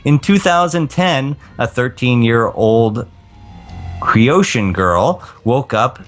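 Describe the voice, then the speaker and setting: A man's voice: mid-range voice, animated, takes it slowly. A man co-hosting a comedic podcast, reading odd news stories and dropping dry wisecracks. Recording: dull lo-fi podcast audio with faint music.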